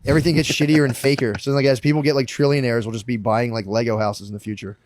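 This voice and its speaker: Fast-talking crude male podcast co-host. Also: medium pitch, level tone, a little mellow, no room sound. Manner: rambling, crude, jokey, acts out quoted voices. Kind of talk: crude casual chat. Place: small living room with a couch.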